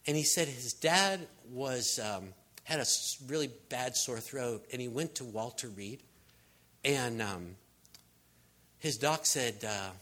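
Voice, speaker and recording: A man's voice: medium pitch, expressive, slow pace. A man giving a sermon in a casual storytelling way, acting out the people in his stories. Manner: storytelling, acts out voices, shouts for emphasis. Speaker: preacher.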